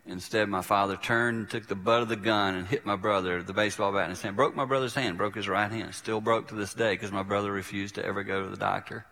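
A man's voice: on the low side, fairly even intonation, quick pace, hardly any pauses, bright, forceful tone. Older man preaching with a story. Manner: vivid storyteller who acts out quoted voices. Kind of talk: sermon storytelling. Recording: reverberant hall.

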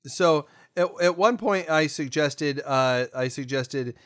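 In studio-quality audio with no echo, a man with a high-leaning, fairly bright voice speaks slowly. He co-hosts a podcast, rambling in casual conversation with many fillers and restarts.

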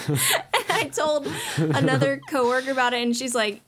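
A woman's voice: on the high side, a little hiss or hum. A woman podcast co-host casually chatting and adding to the story. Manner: chatty, quick to chime in. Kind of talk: casual book chat.

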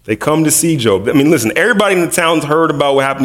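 A man's voice: a little high, lively intonation, rapid-fire. A man preaching a casual, conversational sermon with humorous, self-deprecating storytelling. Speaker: preacher, middle school teacher.

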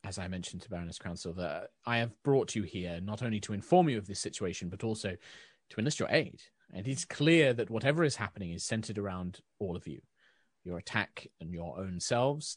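A man voicing a stately, formal duchess who speaks in a measured, subdued way. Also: on the low side, no echo, studio quality. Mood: pleading.

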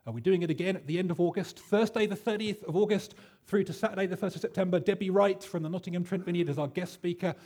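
Husky man preaching a sermon. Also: high-pitched, fast talker, hardly any pauses, a little mellow. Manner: chatty, self-deprecating storyteller with many fillers. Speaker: pastor. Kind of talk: sermon with personal story.

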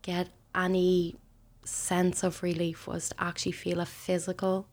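Soft-spoken woman with a gravelly edge. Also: on the low side, completely flat delivery, measured pace. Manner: soft, hesitant, often breathy and near-whispered. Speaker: guest sharing a personal story. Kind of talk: intimate conversation.

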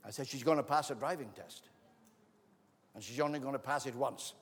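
Speaking fairly quickly in a mid-range voice with a breathy edge, a man preaches and tells stories, imitating the voices of those he quotes. It was recorded in a church hall, where the long reverb of the large room is audible.

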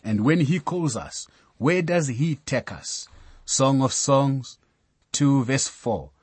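A male preacher giving measured Bible teaching, telling a story and citing scripture verses. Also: medium pitch, animated, breathy edge, no echo. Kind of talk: sermon-style Bible teaching.

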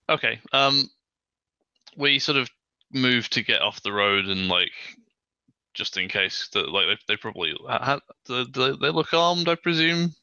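A man's voice: medium pitch, lively intonation, unhurried, long pauses, sharp tone, no room sound, highs cut off. A man playing a tabletop game, joking around playfully with the group. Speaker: player.

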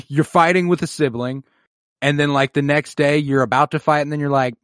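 A podcast co-host recaps a TV episode in casual chat, his voice on the high side at a moderate pace. He's animated and swears freely, acting out the characters' lines. The recording is dry, with clean studio sound.

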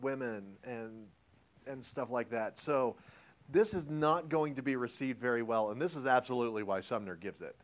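A male history teacher lecturing a classroom, joking around and quizzing his students as he goes. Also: medium pitch. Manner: animated, joking, and asks the class questions.

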